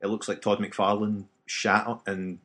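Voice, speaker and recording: A man's voice: lowish voice, little pitch movement, measured pace, pushed and bright. A man, co-hosting a casual podcast chat and rambling through his opinions with lots of restarts. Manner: chatty, rambling, frequent restarts and fillers. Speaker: podcast co-host. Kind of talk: casual chat about video games.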